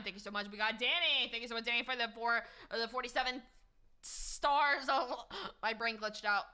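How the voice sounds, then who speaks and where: A woman live streamer chatting casually with her viewers, upbeat and slangy as she shouts them out one by one. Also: high voice.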